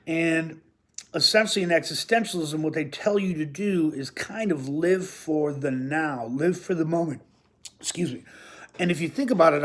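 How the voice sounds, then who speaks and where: A man giving an informal recorded lesson from his home, talking in a rambling, chatty way with joking asides. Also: on the high side. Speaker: teacher. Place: at home near his kitchen.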